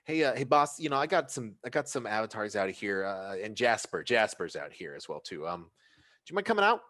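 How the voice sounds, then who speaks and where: A man's voice: fairly low pitch, big pitch swings, fairly quick, a bit bright, no echo, studio quality, voice pushed up. Man doing a jittery nervous bouncer. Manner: jittery, repeats himself. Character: nervous male bouncer on duty.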